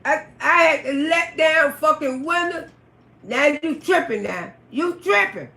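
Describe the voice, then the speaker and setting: A woman casually telling a story on a livestream, cursing freely, laughing often and bursting out loudly. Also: sits high, expressive, measured pace, creaky. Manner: profane, laughs often, loud outbursts. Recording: roomy echo.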